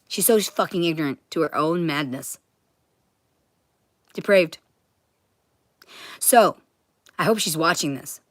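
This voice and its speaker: Deep-voiced woman on a livestream ranting and cussing nonstop, dry close sound. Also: no echo. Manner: profane, ranting, swears constantly. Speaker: vlogger. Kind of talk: livestream rant to viewers.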